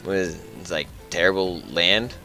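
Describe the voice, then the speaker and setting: Playing through a game, this male gaming channel host keeps things playful, cracking jokes and thinking out loud. He has a low, sharp-toned voice at normal speed, and faint music plays behind him.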